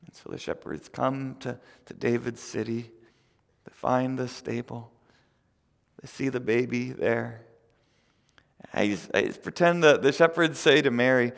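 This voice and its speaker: A male pastor giving a conversational sermon who swings between loud emphasis and near whispers, often repeating words, in a church. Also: medium pitch, unhurried, gravelly, big-room sound.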